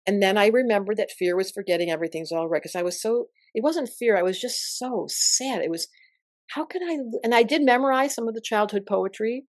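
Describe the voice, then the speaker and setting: An older woman, an astrologer guest in an interview, telling stories in an emphatic, expressive way. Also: mid-range voice, a little fast, no echo, clean studio sound. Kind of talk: interview conversation.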